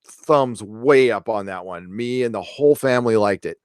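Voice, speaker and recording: A man's voice: lowish voice, moderate pace, no room sound, clean studio sound. A middle-aged man hosting a live stream, chatting casually, answering viewer questions in a rambling, opinionated way with frequent restarts. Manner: rambling, self-correcting, opinionated. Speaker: live stream host reading chat questions.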